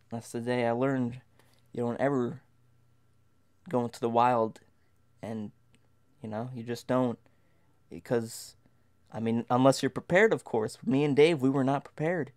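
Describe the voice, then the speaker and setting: A man's voice: mid-range voice, steady tone, unhurried, long pauses, darkish tone. A man telling a comic tall tale as a dramatic monologue, stammering and restarting often. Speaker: storyteller.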